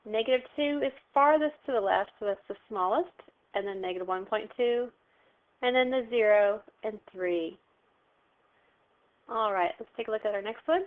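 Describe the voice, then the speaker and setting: At a normal speed and with a mid-range voice, a woman teacher leads a recorded math lesson step by step, patiently asking questions and answering them herself. She records at home with a phone heard behind her, and the sound is tinny and phone-like.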